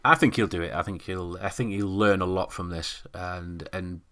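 A man's voice: low voice, normal speed, bright, forceful tone. A man co-hosting a podcast in casual chat, joking, laughing often and trailing off mid-sentence. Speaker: podcast co-host.

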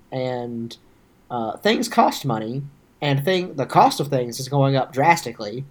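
A young man co-hosting a podcast in casual chat, sarcastic with deadpan jokes. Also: medium pitch, takes it slowly. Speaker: podcast co-host.

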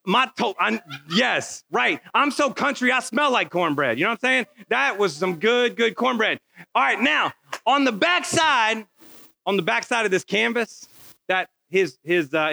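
A man's voice: high voice, vocal fry, sharp tone, no echo, poor audio. A middle-aged man preaching a sermon, telling a personal story in a folksy way and acting out the dialogue. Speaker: pastor.

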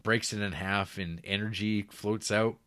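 A man's voice: fairly low pitch, fairly even intonation, a little slow, bright, forceful tone. A man co-hosting a casual podcast, recapping TV episode plots in a rambling way and laughing often. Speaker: podcast co-host.

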